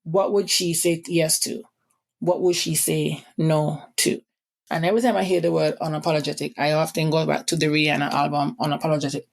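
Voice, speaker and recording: A young woman from the Caribbean with a Caribbean accent, hosting a motivational podcast and talking fast with quick asides. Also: deep voice, flat delivery, gravelly. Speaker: podcast host.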